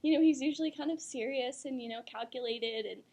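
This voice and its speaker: A young woman with a high, bright voice co-hosts a casual talk segment. She gushes and giggles, leaning on "like" as she chats. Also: brisk. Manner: giggly, gushing, lots of "like". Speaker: co-host. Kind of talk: casual chat.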